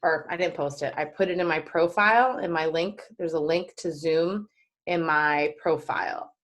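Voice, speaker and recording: A woman's voice: low-pitched, moderate pace, a bit bright. A woman from New York with a slight lisp, a guest on a casual livestream call, playful and chatty. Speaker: guest performing artist. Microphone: video call.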